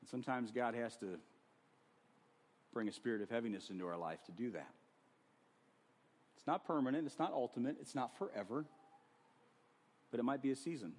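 A man preaching a sermon to a congregation, animated and conversational, acting out scenes with sudden swings in loudness. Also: mid-range voice, fairly quick, long pauses. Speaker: pastor. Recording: long hall reverb.

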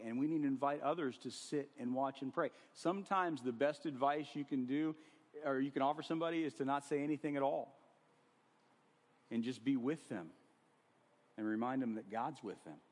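A man preaching a sermon to a congregation, animated and conversational, acting out scenes with sudden swings in loudness. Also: medium pitch. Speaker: pastor. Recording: long hall reverb.

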